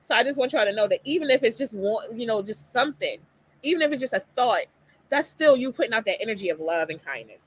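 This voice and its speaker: Middle-aged woman, live-stream talk host, fast and emphatic delivery. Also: a little high, breathy edge, rough recording. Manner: animated, emphatic, talks straight to listeners. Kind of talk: casual motivational talk.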